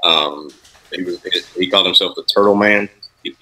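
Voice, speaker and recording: A man's voice: sits low, moderate pace, pushed and bright, low-quality recording. A man with an Appalachian accent, chatting casually as a guest and laughing often. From Southern United States. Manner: self-deprecating, laughs often. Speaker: guest author. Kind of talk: casual podcast chat.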